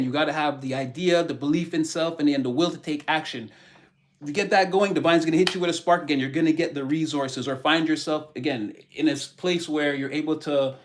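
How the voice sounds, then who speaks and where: Guy doing a tarot live stream, kinda high voice, hyped up and preachy, shouting out chat names. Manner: animated, preachy motivational talk, greets viewers by name.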